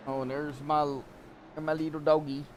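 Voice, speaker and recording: A man calling sim race action as commentator, in a slow, drawn-out way with sudden excited outbursts. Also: fairly high pitch, a little hiss or hum.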